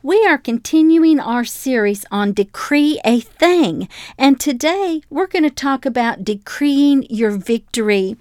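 An older woman hosts a devotional podcast, her voice sitting a little high. The sound is dry and close to the mic. She preaches in a storytelling way, acting out small voices for the people in her anecdotes. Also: no room sound.

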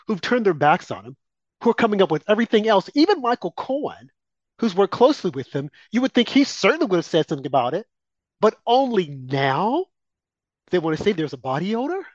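Indignant talk-show man, higher voice. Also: dry recording. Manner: indignant, rhetorical questions, mocking asides. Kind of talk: political talk radio commentary. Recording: dull lo-fi dry sound.

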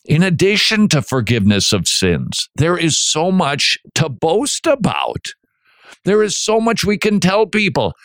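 A man hosting a radio show, preaching in an animated way and acting out quotes in little voices. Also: fairly high pitch, unhurried, dry recording. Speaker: radio host.

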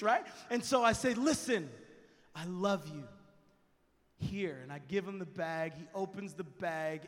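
High-voiced preacher in a reverberant hall. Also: male voice. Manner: animated, acts out voices in his story. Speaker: camp preacher. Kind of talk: sermon storytelling. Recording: large hall with long reverb.

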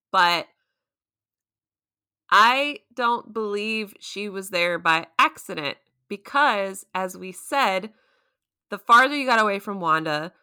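A woman co-hosting a casual chat, recapping an episode and acting out the characters' lines with shifts in her voice. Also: medium pitch. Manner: animated storytelling, acting out quotes with voice shifts. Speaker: podcast co-host recapping a TV episode.

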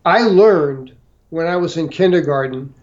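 Older male guest, slow halting storyteller, slightly high voice, dull lo-fi sound. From St. Louis, Missouri. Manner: halting, many fillers and restarts. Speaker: interview guest. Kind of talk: storytelling interview.

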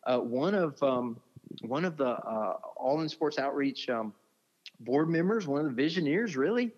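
A man with a drawl tells ministry stories in an earnest, feeling way, often dropping in "man" as he talks. His voice sits at an ordinary middle pitch. The audio is muffled and lo-fi. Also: animated, normal speed, darkish tone, long reverb tail. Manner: heartfelt, speaks with feeling, says "man" often. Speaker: ministry leader, interview guest. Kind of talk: earnest conversational storytelling. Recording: dull lo-fi audio.

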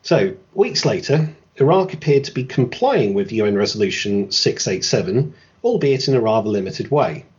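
A man's voice: medium pitch, lively intonation, normal speed, a little mellow, highs cut off. A man hosting a podcast, reading a scripted history narration and breaking off for dry, sarcastic asides. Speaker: podcast host.

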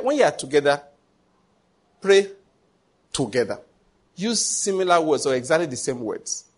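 A man's voice: mid-range voice, husky. A man preaching a sermon as pastor, emphatic, full of rhetorical questions and pidgin asides.

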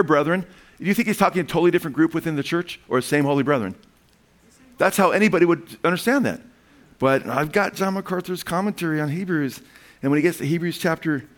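A man preaching a sermon who reads scripture aloud, asks the congregation "amen?" and "what?" in call-and-response, and breaks into animated asides. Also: fairly high pitch. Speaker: pastor.

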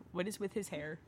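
A woman's voice: on the low side, noisy background. A woman chatting casually while watching a film, snarky and swearing, laughing often. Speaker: movie commentator. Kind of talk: casual movie-watching chat.

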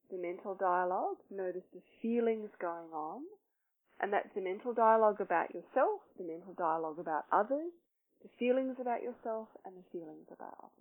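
A woman who leads self-love workshops, teaching with probing questions and then guiding a slow, soft meditation. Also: medium pitch. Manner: probing, asks many questions. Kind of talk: teaching talk and guided meditation. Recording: tinny phone-like sound.

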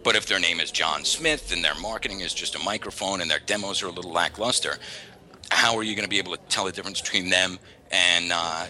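Low, bright-voiced man, frank and chatty. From New York area. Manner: frank, chatty, acts out callers in quick asides. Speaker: voice talent agent. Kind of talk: candid casual interview talk.

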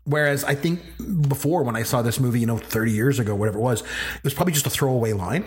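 A middle-aged man co-hosting a casual movie podcast, talking in an animated way and quoting lines in character. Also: mid-range voice, fast talker, a little hiss or hum. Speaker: podcast co-host.

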